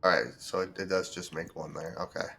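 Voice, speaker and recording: A man streaming a building game, thinking aloud in relaxed commentary as he sorts items and plans what to build. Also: low-pitched, brisk, gravelly, slight background noise. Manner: thinks aloud, with fillers and restarts. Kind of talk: casual gameplay commentary.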